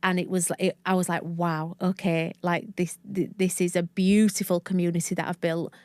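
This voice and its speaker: A woman's voice: on the low side, level tone, moderate pace, a little mellow, no room sound. Chatty Northern English woman from Leeds. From Leeds, England. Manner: chatty, effusive, self-interrupting. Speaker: guest, manifestation coach. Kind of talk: casual podcast interview.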